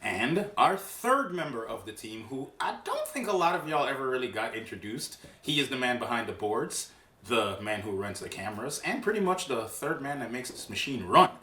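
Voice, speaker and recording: A man co-hosting a podcast from a friend's house, bantering loudly with lots of laughing and swearing. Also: mid-range voice, big pitch swings, normal speed. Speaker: podcast co-host. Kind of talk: casual chat. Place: living room at a friend's house. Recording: roomy and distant with faint hiss.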